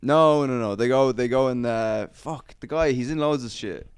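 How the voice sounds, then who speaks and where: A man's voice: mid-range voice, normal speed, smooth, dry recording. Man telling a rambling, profane story. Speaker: podcast host. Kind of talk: casual podcast chat.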